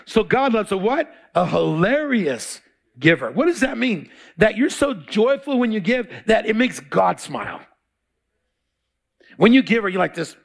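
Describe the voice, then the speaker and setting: A man's voice: high voice, creaky. A male pastor preaching a sermon, quizzing the congregation in call-and-response.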